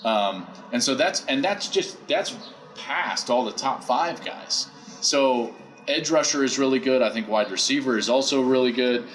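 A man, a football analyst, answering interview questions in a measured, explanatory way, recorded poolside at a hotel. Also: mid-range voice, fairly bright tone, low-quality recording.

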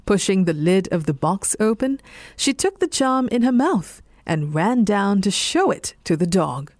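A woman with a Singaporean English accent, reading a bedtime story in a slow, soothing voice. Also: mid-range voice, no echo, studio quality. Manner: slow, soothing, lively intonation.

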